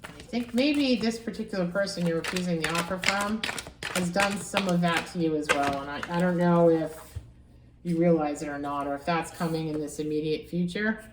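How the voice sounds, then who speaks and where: A woman giving a casual tarot reading, musing aloud and repeating phrases with animated excitement. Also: lowish voice, moderate pace, recorded from a distance, background noise. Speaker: tarot reader. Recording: echoey room, voice from off-mic.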